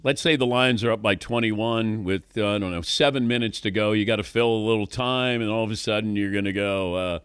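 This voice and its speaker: A man's voice: lowish voice, fairly quick, hardly any pauses, a bit bright, smooth, no room sound, studio quality. A middle-aged man hosting a sports talk radio show, wry and questioning, chuckling often. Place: radio studio.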